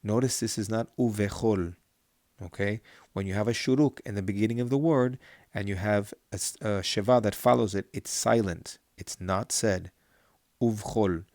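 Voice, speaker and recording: A middle-aged man teaching Torah cantillation, chanting verses slowly and then explaining them patiently, asking the listener to repeat after him. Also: fairly low pitch, a little mellow, no room sound, studio quality. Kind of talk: chanting lesson with call-and-repeat.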